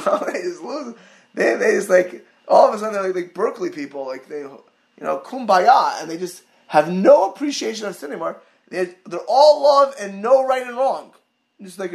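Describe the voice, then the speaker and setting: High, gravelly-voiced man giving a Torah class. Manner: animated storytelling, many restarts, rising to near-shouts; sprinkles Hebrew and Yiddish terms. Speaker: rabbi teaching a Torah class.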